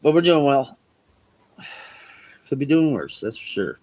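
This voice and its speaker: Laid-back cursing fishing streamer. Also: male voice, mid-range voice, big pitch swings, slow, darkish tone. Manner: laid-back, swears freely, talks to chat. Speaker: fishing livestream host. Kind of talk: casual livestream chat. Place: outdoors on a riverbank.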